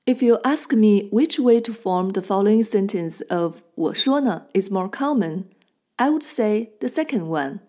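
Woman, language teacher, mellow warm tone, patient clear explaining, scripted lesson. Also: medium pitch, expressive. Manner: clear, patient explaining with slow model phrases.

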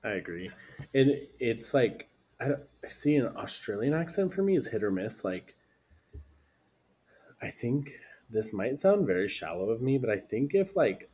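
A man's voice: mid-range voice, sing-song, moderate pace, warm tone, slightly rough. A man from the United States co-hosting a podcast, chatting casually and rambling with lots of fillers. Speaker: podcast co-host. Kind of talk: casual chat.

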